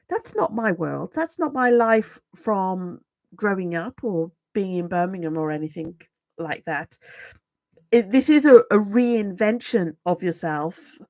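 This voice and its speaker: A woman's voice: mid-range voice, no room sound. Brummie lady chatting to her viewers, middle-aged, rambly and self-mocking, dead dry sound. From England. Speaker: YouTube host. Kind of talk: casual livestream chat.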